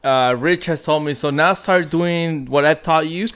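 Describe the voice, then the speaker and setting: A man's voice: a little high, measured pace, a bit bright, clean tone. A man on a casual podcast, talking candidly and with some swearing about his own experiences. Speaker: podcast co-host. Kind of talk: casual chat.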